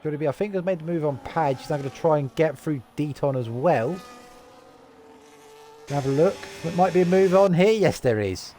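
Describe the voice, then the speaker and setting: A tired man from the UK giving lively, chatty live commentary on an online racing league and reading out lap times. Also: fairly high pitch, moderate pace. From United Kingdom. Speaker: race commentator.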